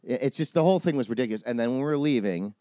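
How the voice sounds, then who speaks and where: A man's voice: mid-range voice, expressive, rapid-fire, dark tone, dry recording. A middle-aged man co-hosting a podcast, telling a story in casual chat, acting out quotes and swearing freely. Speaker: podcast co-host.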